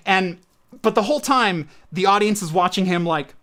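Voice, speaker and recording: A man's voice: high-pitched, fairly quick, fairly bright tone. A man co-hosting a podcast in casual chat, telling a long story in a rambling way and acting out the quoted voices. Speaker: podcast co-host.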